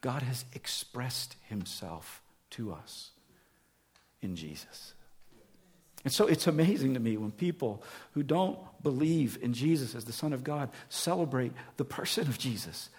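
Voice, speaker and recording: Slow-speaking male pastor preaching. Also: mid-range voice, big pitch swings. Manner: earnest, rising to emphatic then dropping to hushed whispers. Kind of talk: sermon.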